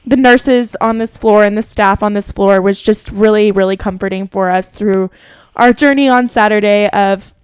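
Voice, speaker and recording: Calm woman recounting events, dry sound. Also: mid-range voice, normal speed, clear, resonant tone, no room sound. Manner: steady, plain recounting. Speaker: podcast co-host. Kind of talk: casual chat.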